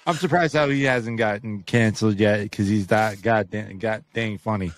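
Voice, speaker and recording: A man co-hosting a casual podcast, rambling and halting with frequent restarts and casual swearing. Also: fairly low pitch, no room sound. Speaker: podcast co-host. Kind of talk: casual chat.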